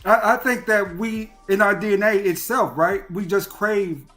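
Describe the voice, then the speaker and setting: High-voiced man in a live-stream chat. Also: measured pace, pushed and bright, soft background music.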